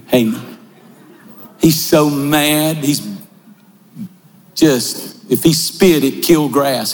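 Male pastor, high voice, slow deliberate sermon delivery, shouted peaks, reverberant church hall with faint music. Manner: preaching with shouted builds and slow dramatic pauses. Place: large church.

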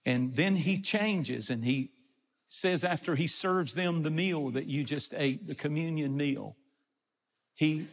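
A man's voice: fairly high pitch, slow pace, big-room sound. A man preaching a sermon, retelling scripture and explaining it in plain everyday words. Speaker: pastor.

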